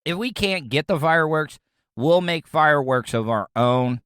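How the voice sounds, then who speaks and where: A man's voice: on the high side, expressive, moderate pace, a bit bright, clear, resonant tone, dry recording, studio quality. A man from Florida hosting his own podcast, riffing in a crude, sarcastic, rambling way. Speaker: podcast host. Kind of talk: casual comedic commentary.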